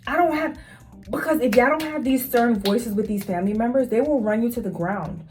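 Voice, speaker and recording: A woman's voice: on the high side, fairly quick, darkish tone, faint music behind. A woman who works as a nurse, talking straight to her viewers in an emphatic, casual storytelling vlog. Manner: emphatic, talks straight to viewers, repeats phrases for stress.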